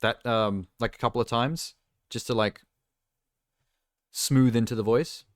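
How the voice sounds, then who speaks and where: A male streamer talking in a loose, rambling rant that drifts from one tangent to the next, often amused at himself. His voice sits at an ordinary middle pitch, and the sound is close and dry with no room echo. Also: measured pace. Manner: rambling, ranting, self-amused. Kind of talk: casual live-stream chat.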